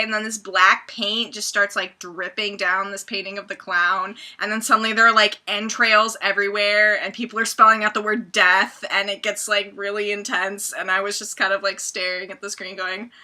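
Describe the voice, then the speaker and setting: A young woman chatting casually on a vlog, giggly and animated as she retells funny videos. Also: medium pitch, normal speed. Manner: giggly and animated, acting out scenes. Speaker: vlogger. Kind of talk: casual chat.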